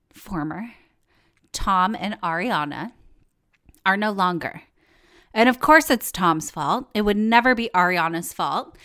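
A woman hosting a casual podcast, her voice hoarse and cracking in and out, chatty and joking, with free swearing. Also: mid-range voice, pushed and bright. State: hoarse, voice going in and out. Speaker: podcast host.

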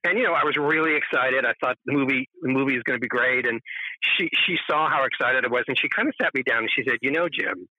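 Male director guest on a remote line, bright tone, loose and rambling delivery. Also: mid-range voice, quick pace, no echo, muffled recording. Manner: rambling with many fillers and self-restarts. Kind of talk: relaxed anecdotal interview answers.

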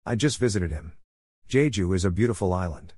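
A man's voice: deep voice, expressive, fairly quick, dry recording, clean studio sound. A man voicing a friendly young Irish woman traveller in a read-aloud personal story. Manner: gentle, friendly.

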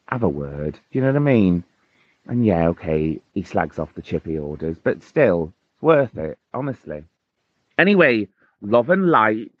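A man's voice: deep voice, no echo, muffled recording. A man leaving a heartfelt, chatty voice message for a podcast, with playful swearing. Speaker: caller.

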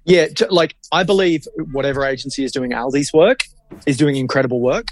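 A man's voice: mid-range voice, fairly quick, no room sound. A man, co-hosting a podcast as a marketing creative in casual chat, blunt and opinionated and swearing freely.

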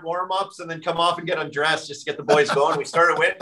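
A man's voice: on the high side, fairly even intonation, fast talker, few pauses, bright, forceful tone, distant mic, slight background noise, poor audio. A man, a former hockey player, guesting on a podcast and telling stories in a rambling way full of fillers. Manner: rambling, heavy use of filler "like". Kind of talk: casual storytelling chat.

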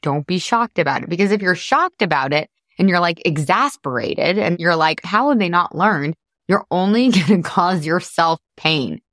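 A woman's voice: on the low side, animated, moderate pace, a bit bright, no room sound, clean studio sound. A woman hosting a podcast, coaching listeners in a candid, chatty way, swearing casually and laughing often. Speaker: podcast host.

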